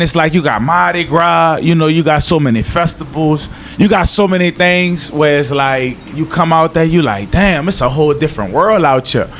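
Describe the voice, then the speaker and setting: A young man with a New Orleans accent, chatting casually as an interview guest, laid-back and slangy, sometimes dropping to a low earnest tone. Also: fairly bright tone, a little hiss or hum. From New Orleans, Louisiana. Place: outdoors in Miami.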